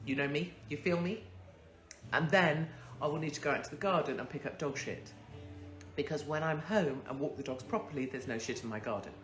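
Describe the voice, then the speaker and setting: A woman's voice: low voice, fairly quick, roomy sound, faint music behind. A woman hosting a casual monologue, ranting bluntly and swearing freely into a phone. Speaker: host.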